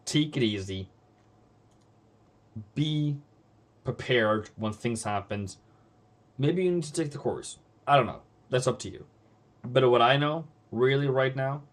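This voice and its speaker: Blunt, scolding man hosting live trading. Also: medium pitch. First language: Norwegian. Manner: blunt, scolding, repeats phrases for emphasis. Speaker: forex trading livestream host.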